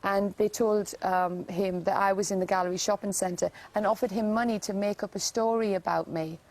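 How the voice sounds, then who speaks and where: A woman giving an insistent, emotional TV interview, talking fast with many fillers. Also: mid-range voice, steady tone, darkish tone, low-quality recording. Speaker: interview guest.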